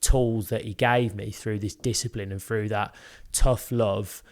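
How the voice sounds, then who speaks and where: A man's voice: on the low side, fairly even intonation, a little slow. Earnest young British man, candid storytelling. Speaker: podcast co-host. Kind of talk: casual podcast chat.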